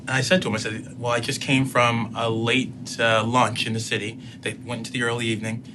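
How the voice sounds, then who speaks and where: A man in his thirties, a councilman and student, telling a personal story in an interview in a measured way, quoting what was said. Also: mid-range voice, level tone, noisy background. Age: 30s. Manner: measured, recounting events with quoted dialogue.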